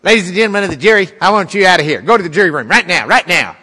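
A man voicing a stern, fed-up male judge who scolds a witness in a rapid, booming voice. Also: bright, forceful tone, breathy edge. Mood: commanding. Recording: long reverb in a large room.

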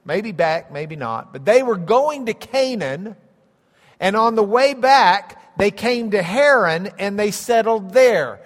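A man delivers a sermon in a high, carrying voice. He teaches as if pointing to a map, hammering his points home with emphatic repetition. The sound rings with the long reverb of a large hall. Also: lively intonation, takes it slowly. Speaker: pastor.

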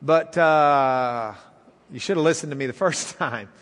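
A man's voice: fairly high pitch, measured pace, in a large hall, voice pushed down, natural voice. A man voicing God in a retold story, speaking in a dry, matter-of-fact scolding way. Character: weary divine voice, male, dryly scolding.

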